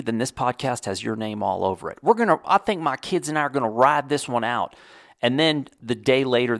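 A man's voice: medium pitch, no echo, studio quality. A middle-aged man hosting a solo podcast, talking casually with rambling, wry, self-deprecating humor. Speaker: podcast host.

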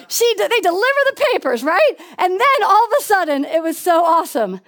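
A woman preaching a sermon in an animated way, with laughing asides and questions to the congregation. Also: sits high, normal speed, few pauses.

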